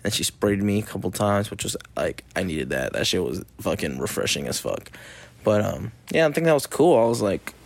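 A young man who coaches youth soccer chats casually into a mic on his own, his lowish voice swinging widely in pitch with some vocal fry. He talks at a normal speed, rambling loosely, swearing freely and acting out what people said. The recording is dry.

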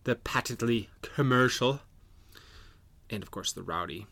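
Man co-host, thoughtful and earnest, restarts a lot, ordinary middle pitch. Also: measured pace, gravelly, a bit bright. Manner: earnest and reflective, with frequent restarts. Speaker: podcast co-host. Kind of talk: casual chat.

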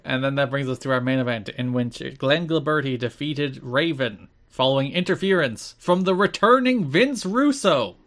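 A man co-hosting a casual podcast, recapping wrestling events with deadpan asides. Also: medium pitch, normal speed, hardly any pauses. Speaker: podcast co-host.

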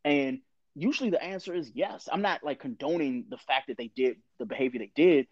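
A man's voice: on the high side, brisk, dry recording, dull audio. Candid man telling a story, dry sound. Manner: candid, profane, storytelling with quoted voices. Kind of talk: casual conversation.

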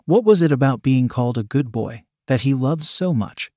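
A man narrating a scripted story in a measured, steady reading manner. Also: mid-range voice, no echo, clean studio sound.

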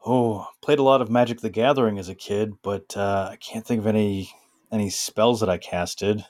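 A man with a low voice co-hosts a casual chat. He answers haltingly, poking fun at himself. Dry, close sound. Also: steady tone, darkish tone, no room sound. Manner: hesitant, self-deprecating. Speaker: podcast co-host.

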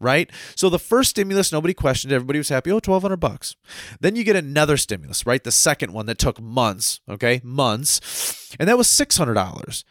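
A man's voice: medium pitch, expressive, fairly quick, a bit bright, dry recording. Heated man ranting in a dry voice. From United States. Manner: heated, repeats "right?" and stumbles on repeated words. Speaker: commentator. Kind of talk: ranting monologue.

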